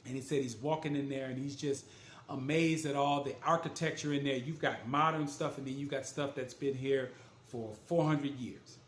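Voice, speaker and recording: The man, an author who also gives motivational talks, has a medium-pitched, steady voice and moves at a moderate pace. He recounts his story in a casual, earnest, emphatic way, acting out quoted lines. There's slight background noise and an echoey room sound.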